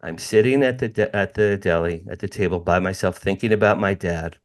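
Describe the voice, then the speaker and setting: A middle-aged American man with a low, brisk voice appears as a podcast guest telling a personal story. He's emphatic, repeats phrases, and makes direct asides to the hosts, calling listeners "you guys."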